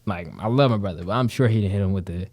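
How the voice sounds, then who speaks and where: Here a young actor from Detroit, on as a guest, talks fast in a fairly low, a little mellow voice. His storytelling is loose and profane, packed with slang and "you know what I'm saying."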